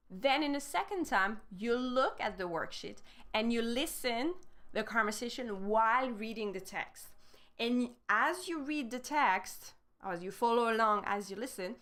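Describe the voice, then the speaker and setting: A woman's voice: fairly high pitch, fairly bright tone. A woman with a French accent, a native French speaker, teaching a casual live-stream lesson and explaining step by step in chatty English with small grammar slips.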